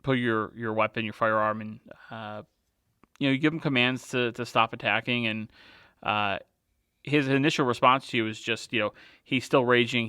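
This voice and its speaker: A male podcast host recaps his guest's story and asks follow-up questions, pausing often between phrases. His voice is bright and crisp. The sound is close and dry. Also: medium pitch, no echo. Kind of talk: interviewing a guest.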